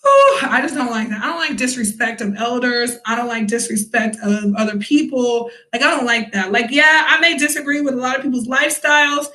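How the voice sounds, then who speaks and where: A young woman vlogs in a high, bright voice, telling a story casually. She acts out quotes loudly and laughs often. The sound bounces around an echoey room. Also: animated, a little fast, hardly any pauses. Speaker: vlogger.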